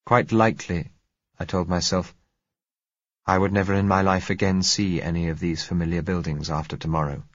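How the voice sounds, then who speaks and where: Deep husky male audiobook narrator. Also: steady tone, dry recording. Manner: measured, somber. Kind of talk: first-person audiobook narration. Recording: dry, slightly dull audio.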